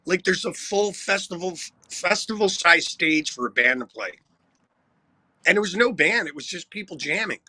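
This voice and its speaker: Brief: male rock singer guest, very bright, slightly high voice, dry close sound, swearing through wild tour stories. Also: moderate pace, no room sound. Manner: animated, profane, wry anecdotes. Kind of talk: casual storytelling.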